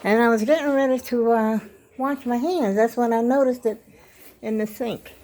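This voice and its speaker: An older woman vlogger rambles through a casual home vlog, chatting straight to viewers, trailing off mid-sentence and calling them y'all. Her warm voice is a little high, with fairly even intonation at normal speed. She's filmed indoors on a handheld phone camera.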